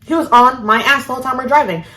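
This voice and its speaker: A woman's voice: high-pitched, fast talker. A woman vlogger telling a story casually, swearing freely and acting out each quote. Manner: animated, profane, acts out every quote. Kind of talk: storytime vlog.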